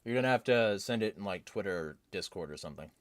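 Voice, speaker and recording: A man's voice: low voice, lively intonation, fast. A man hosting a casual livestream who reads chat comments aloud in a laid-back, swearing manner. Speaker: livestream host.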